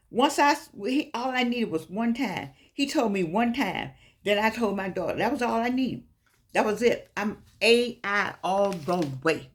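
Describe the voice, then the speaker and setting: An older woman chatting casually to her viewers, emphatic and preachy, repeating herself for effect. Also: mid-range voice. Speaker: vlogger.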